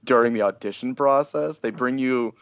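A man's voice: mid-range voice, normal speed, no echo, highs cut off. A man talking as a guest in a casual chat, rambling with lots of fillers.

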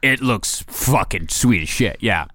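Animated swearing man, casual chat. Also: on the low side, unhurried, dry recording, clean studio sound. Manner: animated, swears a lot, drawls quoted lines. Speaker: podcast co-host.

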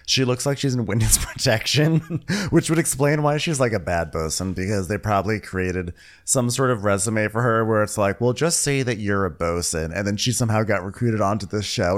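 Man, podcast host, lowish voice, playful, casual chat. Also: a little fast. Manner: playful, laughs often, animated.

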